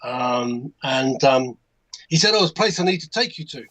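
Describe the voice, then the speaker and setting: An older Englishman from England, a guest modelmaker on a hobby livestream, tells a rambling anecdote packed with restarts and asides. His mid-range voice is expressive and a bit bright, at a normal speed. The audio quality is poor.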